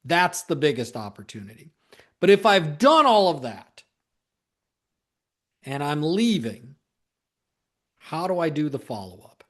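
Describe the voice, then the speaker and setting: A man's voice: a little high, sing-song, unhurried, long pauses, fairly bright tone. A man coaching salespeople in a solo talk, emphatic and repeating key points for stress, with the odd joking aside.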